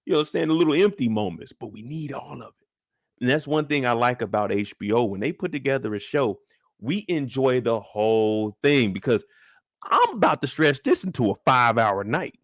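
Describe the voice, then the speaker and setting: Hosting a live stream, a man in his thirties chats casually about reviews, dropping slang and saying hello to viewers by name. His voice sits a little high, and the studio recording is clean with no echo.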